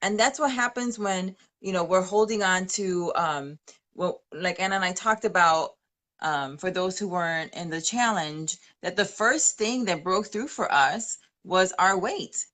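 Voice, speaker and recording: A woman in her forties speaks in a lowish voice, co-hosting a live stream in an easy testimonial chat. She tells her story earnestly and drops in the odd Spanish phrase. Her pace and tone stay conversational throughout. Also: measured pace, fairly bright tone. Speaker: co-host of a manifesting live stream.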